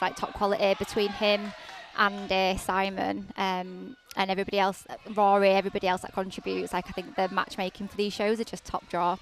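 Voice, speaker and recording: A woman with a Yorkshire accent, chatting as a guest in an interview, with plenty of "like" and "um" fillers. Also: medium pitch. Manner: chatty, leans on "like" and "um". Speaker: guest, fighter's partner. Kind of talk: casual interview chat.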